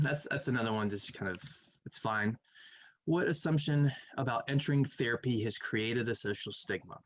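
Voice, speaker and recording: A man's voice: medium pitch, dry recording, poor audio. Casual male math teacher thinking aloud. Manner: casual, thinking aloud, hums between questions. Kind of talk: recorded classroom lecture, reviewing quiz answers.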